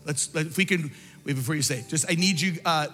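Pastor, male, high and bright voice, impassioned and repetitive sermon delivery, long hall reverb with faint music behind. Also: fast. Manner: impassioned preaching with repetition, shouting at peaks. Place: large church hall.

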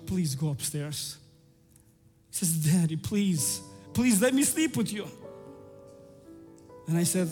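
A man's voice: fairly high pitch, warm tone, long reverb tail. A man in his thirties preaching a sermon, telling a family story and building to fervent climaxes.

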